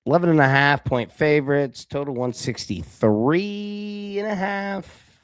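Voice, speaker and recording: A man hosting a live sports betting talk show, chatting casually and addressing viewers by name, swinging between loud excited bursts and quiet low asides. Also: measured pace, smooth, dry recording. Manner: talks directly to chat viewers by name. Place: indoor room with a window.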